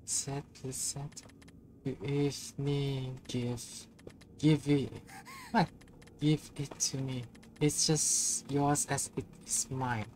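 Woman doing an eerie game stranger, hushed, low, slow, insistent. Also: little pitch movement, slight background noise. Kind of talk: reading game dialogue aloud.

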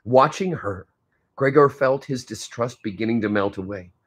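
A man's voice: mid-range voice, normal speed, breathy edge. A male teacher reading a novel aloud to his class, stopping now and then to comment on the story.

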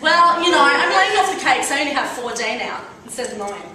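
A woman's voice: high-pitched, big pitch swings, a little fast, pushed and bright, slight background noise. A young woman in a pop group, chatting cheerfully in a casual video diary. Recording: echoey, far from the mic.

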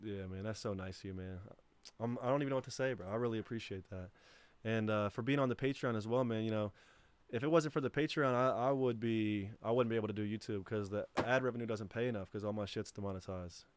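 A man hosting a casual call-in livestream, talking in a relaxed, rambling way and laughing easily. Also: fairly low pitch, fast, clear, resonant tone. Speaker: livestream host.

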